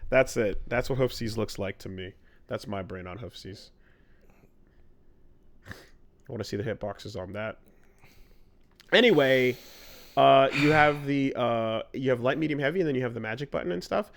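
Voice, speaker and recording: A man's voice: mid-range voice, moderate pace, gravelly, long pauses. Rambling man talking fighting games. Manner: rambling, filler-heavy, enthusiastic about fighting games. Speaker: podcast co-host. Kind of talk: casual chat.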